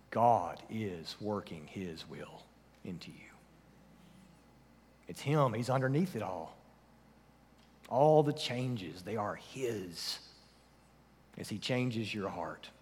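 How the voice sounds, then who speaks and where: A man delivers a sermon at an unhurried, deliberate pace, his mid-range voice carrying a long reverb tail. He poses rhetorical questions and sinks his voice low to press a point home. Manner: measured preaching with rhetorical questions, dropping low for emphasis. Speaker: pastor.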